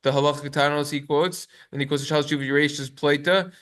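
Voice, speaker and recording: Giving a halachic lecture to his class, a male rabbi speaks quickly in a slightly high voice with fairly even intonation and a fairly bright tone. He reads Hebrew sources aloud, then translates them with plenty of fillers.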